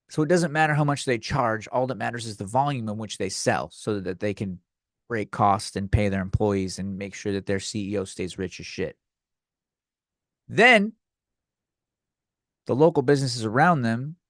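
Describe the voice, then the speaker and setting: A man rants his way through a comedy podcast, crude and sarcastic, tripping over restarts as he rambles. His voice sits at an ordinary middle pitch, recorded close and dry with no room sound. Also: no room sound. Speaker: podcast host.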